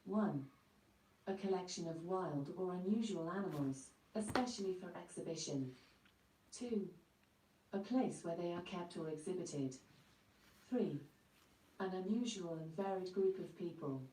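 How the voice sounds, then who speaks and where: A synthetic woman's assistant voice, low and mellow, reciting in a steady, measured way. It plays from a smart speaker across an echoey room, heard well off the mic. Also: far from the mic. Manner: even, measured, synthetic delivery. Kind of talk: reading a dictionary definition.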